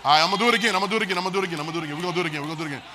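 High bright preacher guy, folksy, laughs a lot, goes quiet then yells, call and response. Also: rapid-fire, a little hiss or hum. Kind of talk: sermon. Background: congregation responding.

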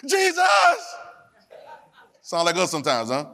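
A man preaching in a sermon, his voice pitched high for a man. He pulls the congregation in with call and response and drops into loose, casual church talk. His delivery swings from low asides to shouted, sung lines. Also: lively intonation, brisk. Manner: Southern Black church vernacular, drops verbs. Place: church sanctuary.

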